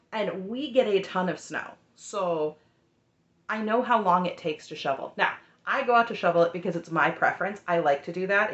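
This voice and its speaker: A woman's voice: fairly low pitch, fairly bright tone, roomy sound, highs cut off. A woman giving an opinionated, sarcastic recap of a reality show in a chatty, heated way. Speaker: recap host.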